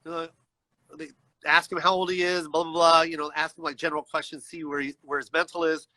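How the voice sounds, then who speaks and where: High, bright-voiced man telling a story. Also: fairly quick, no room sound, poor audio. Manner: animated, acts out voices in his story; frequent "you know what I mean" asides. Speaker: guest storyteller. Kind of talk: casual storytelling on a livestream. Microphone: video call.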